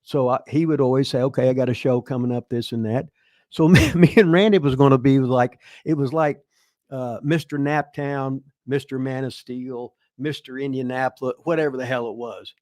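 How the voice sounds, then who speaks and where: A man's voice: medium pitch, fairly even intonation, normal speed, a little mellow, no echo. Older male host, salty storyteller, dry close sound. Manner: profane, rambling, laughs through his stories. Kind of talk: casual storytelling.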